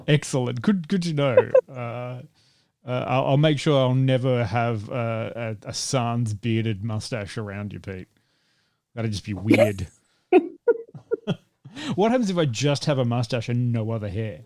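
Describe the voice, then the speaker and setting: A man's voice: medium pitch, expressive, a little slow, a little mellow, no room sound. Man, podcast host, casual film chat, laughs a lot, rambling, dry close mic. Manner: jokey, laughs often, rambling asides.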